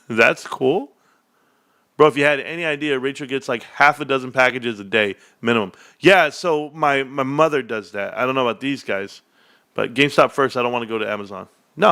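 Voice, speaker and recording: A man's voice: medium pitch, creaky, a bit bright. A man hosting a casual livestream, telling rambling joking stories with lots of "bro" and frequent laughter. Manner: rambling, joking storyteller who says "bro" a lot. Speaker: stock livestream host.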